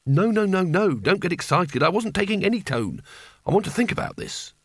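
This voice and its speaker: A man's voice: on the high side, lively intonation, a little fast, gravelly, a bit bright, no echo, studio quality, heavily acted. A man voicing a nervous, cowardly male wizard who talks in a defensive, whiny way.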